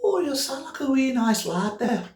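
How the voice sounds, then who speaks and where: A woman's voice: sits high, sing-song, moderate pace, a little mellow, reverberant, recorded from a distance, pitched above the performer's own voice. Man doing a chatty Scottish phone lady. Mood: friendly. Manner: overly friendly, sing-song, keeps chatting. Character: chatty Scottish woman phone operator, endlessly talkative.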